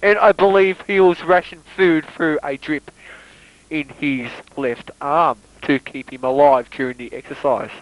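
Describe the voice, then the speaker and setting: A man improvising comedic sports commentary over a video game, rambling with stammered restarts and deadpan absurd asides. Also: on the high side, measured pace, no room sound, lo-fi sound.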